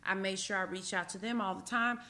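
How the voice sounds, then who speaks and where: A woman's voice: mid-range voice, fairly even intonation, fairly quick, bright, forceful tone. A woman co-hosting a casual chat, emphatic and preachy, who chimes in with short agreements. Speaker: podcast co-host.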